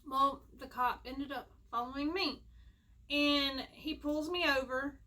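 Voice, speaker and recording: A woman's voice: high-pitched, fairly even intonation, unhurried, sharp tone. A young woman, telling a rambling, self-mocking storytime at home. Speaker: vlogger. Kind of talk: casual storytime.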